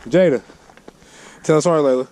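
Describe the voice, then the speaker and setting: A man's voice: on the high side, brisk, a little mellow. A man vlogging casually to his camera while grilling in the backyard with his kids, chatty and teasing. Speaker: family vlogger and dad. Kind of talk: casual vlog chat to camera. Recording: outdoor noise with passing trucks.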